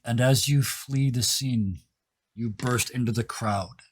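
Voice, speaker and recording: A man narrating a tabletop role-playing game as game master, setting vivid scenes and dropping to a hush at key moments. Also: medium pitch, takes it slowly, slight background noise.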